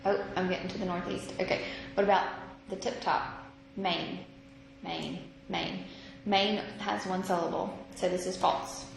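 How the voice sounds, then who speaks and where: A woman teaching a math lesson, slow and patient, thinking out loud as she works through examples. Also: mid-range voice, little pitch movement, gravelly. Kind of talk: recorded classroom lesson. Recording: echoey room with noise.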